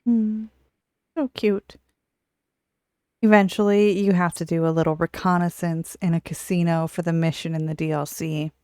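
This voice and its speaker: Low, smooth-voiced woman podcast host. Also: level tone, brisk, hardly any pauses, darkish tone, dry recording, studio quality. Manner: chatty, explanatory, casual swearing. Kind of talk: casual podcast chat.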